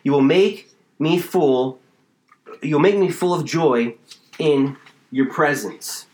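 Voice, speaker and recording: Male pastor preaching, a bit high-pitched, fervent, reverberant room. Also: takes it slowly, a little mellow. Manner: expository preaching, reads scripture then explains, builds to fervor. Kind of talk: sermon.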